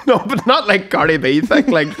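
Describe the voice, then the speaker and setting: A man's voice: high-pitched, big pitch swings, moderate pace. A man co-hosting a comedy podcast, firing off teasing, dry one-liners. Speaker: podcast co-host. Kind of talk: casual comedy chat. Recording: clear background noise.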